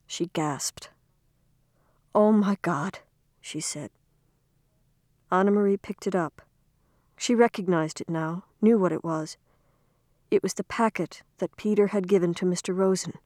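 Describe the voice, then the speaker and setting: A woman reading a storybook aloud in a calm, measured way. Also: fairly low pitch, no room sound, studio quality. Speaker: reader. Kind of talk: storybook narration.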